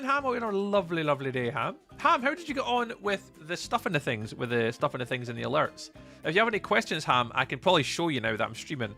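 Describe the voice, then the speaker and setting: A man's voice: fairly high pitch, gravelly, bright, forceful tone. A man from Scotland with a Scottish accent, chatting casually on a live stream and reading out and answering chat while he plays.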